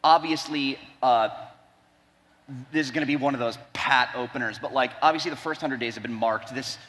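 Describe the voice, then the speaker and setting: A man's voice: mid-range voice, moderate pace, fairly bright tone. A man opening a panel as moderator, loose, chatty and self-deprecating. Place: large conference hall stage. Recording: long hall reverb with faint music.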